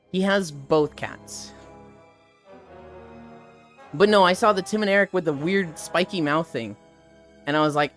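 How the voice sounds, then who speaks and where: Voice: mid-range voice, unhurried, pauses often, a bit bright, soft background music. A streamer chatting casually and rambling with live viewers, laughing often and swearing freely. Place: outdoors walking.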